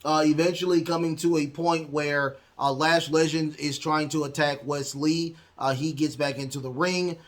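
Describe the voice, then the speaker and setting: A man's voice: a little high, steady tone, normal speed, hardly any pauses. A man hosting a podcast, recapping wrestling matches in a rambling way with lots of ums and uhs. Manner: rambling, heavy fillers, acts out quotes. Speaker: podcast host.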